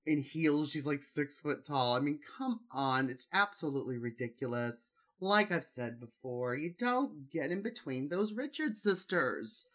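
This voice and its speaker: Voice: medium pitch, lively intonation, a little slow, hardly any pauses, a bit bright. Snarky gossipy reality TV blog host. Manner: snarky, gossipy, lots of "like" and "I mean"; laughs between jokes. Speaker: host reading reality TV cast blogs. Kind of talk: comedic commentary and blog reading.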